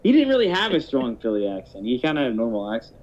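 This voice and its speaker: A man's voice: medium pitch, wildly swooping pitch, quick pace, darkish tone, a little hiss or hum. A man in his thirties telling a long story in casual chat, rambling and swearing, with many restarts. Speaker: podcast host telling a story. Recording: dull lo-fi podcast audio.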